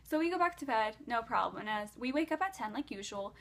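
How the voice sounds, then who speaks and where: A woman's voice: a little high, expressive, fast talker, fairly bright tone. A woman vlogger casually telling a long dream story, rambling with lots of "like".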